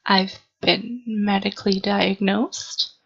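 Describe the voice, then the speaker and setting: Earnest young woman rambling, gravelly voice. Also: medium pitch, fairly even intonation, fairly bright tone, lo-fi sound. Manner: earnest, halting, with frequent ums and restarts. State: sleepy, yawning. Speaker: vlogger. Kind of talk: unscripted rambling to camera. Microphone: camera mic.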